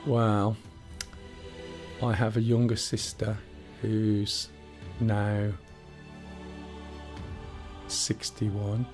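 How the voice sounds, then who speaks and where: A man's voice: on the low side, flat delivery, drawn-out words, long pauses, over music. A man in his sixties hosting a live game stream, chatting casually with rambling, jokey asides. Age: 60s. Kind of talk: casual gameplay chat.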